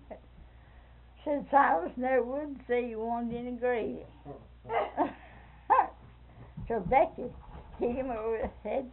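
Older woman, slightly high, gravelly and husky; folksy oral-history teller, tinny lo-fi tape. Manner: lively storyteller who acts out voices and laughs often. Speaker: interviewee telling a family story. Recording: lo-fi phone-like recording.

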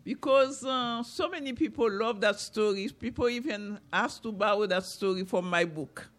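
A woman from Haiti telling a folktale to an audience, animated, with repeated chanting phrases. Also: medium pitch, normal speed. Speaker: storyteller, author.

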